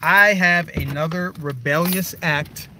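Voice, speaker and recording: Young male vlogger, bright and forceful, slightly high voice, emphatic direct address. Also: takes it slowly, slight background noise, rough recording. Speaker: political vlogger. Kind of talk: live stream commentary.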